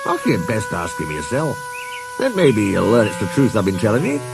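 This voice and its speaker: A man's voice: lowish voice, wildly swooping pitch, brisk, music in the background, full character voice. A man voicing a touchy male steam engine with a broad Scottish accent. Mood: gruff. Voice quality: hoarse whisper at first, broad brogue.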